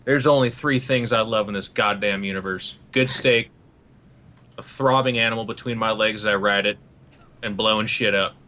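Man doing a swaggering space rancher, bright. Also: lowish voice, fairly even intonation, moderate pace. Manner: swaggering, folksy bragging.

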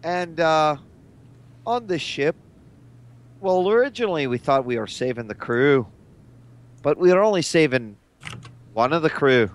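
A man playing an earnest, polite male space traveler in a tabletop game, speaking in a measured, courteous way. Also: a little high, animated, a little hiss or hum. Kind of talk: tabletop role-play in character.

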